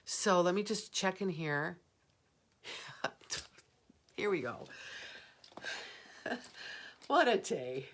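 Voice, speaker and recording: A woman's voice: on the low side, big pitch swings, very slow, long pauses, a little hiss or hum. A middle-aged woman hosting a live jewelry sale, chatting, rambling and laughing easily as she shows each piece. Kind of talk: live shopping stream chat.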